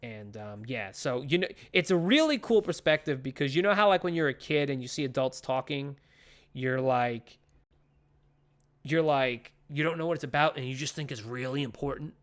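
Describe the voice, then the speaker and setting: This man's medium-pitched voice has lively intonation and moves at a moderate pace as he co-hosts a comics podcast. Chatting casually about comic books, he retells a story, voices the characters, and peppers his talk with profanity and fillers.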